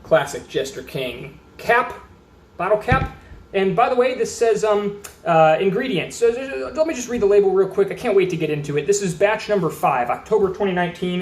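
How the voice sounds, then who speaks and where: A man from Austin, Texas, chatting casually through a beer review at a table, rambling and reading labels aloud. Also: high-pitched. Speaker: beer reviewer, channel host. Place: indoors at a table. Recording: roomy echo.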